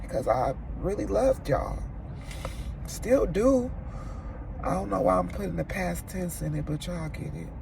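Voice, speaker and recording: A woman's voice: on the low side, lively intonation, brisk, vocal fry, few pauses, noisy background. A woman vlogger crying as she vents about a friendship breakup, swearing as she talks to camera from her car. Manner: tearful, venting, swearing. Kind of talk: emotional car chat to camera. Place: inside a parked car.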